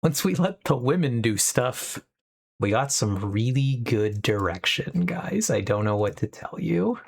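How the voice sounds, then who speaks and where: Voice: mid-range voice, animated, measured pace, vocal fry. A young adult live streamer chatting casually and rambling with upbeat asides, from a home streaming setup.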